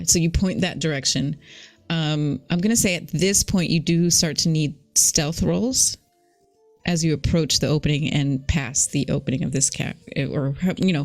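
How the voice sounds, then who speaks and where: A woman narrating as game master of a tabletop game, chatty and often correcting herself mid-sentence. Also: sits low.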